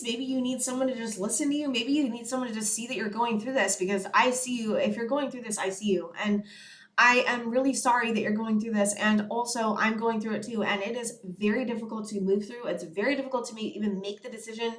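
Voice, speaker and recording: A woman's voice: on the high side, a little fast, reverberant. A young woman giving a rambling, earnest tarot reading straight to her viewers, full of "you know" and "it's like". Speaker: tarot reader. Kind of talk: casual channeled tarot reading to camera.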